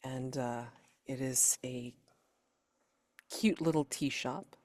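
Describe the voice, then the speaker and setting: A man's voice: mid-range voice, steady tone, slow, a little mellow, no echo. A man running a tabletop game as game master, casual and rambling with lots of filler words.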